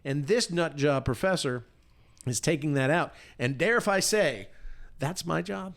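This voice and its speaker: A man's voice: fairly high pitch, expressive, moderate pace, a bit bright. A man co-hosting a podcast, delivering a blunt, fiery political rant full of profanity. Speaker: podcast co-host.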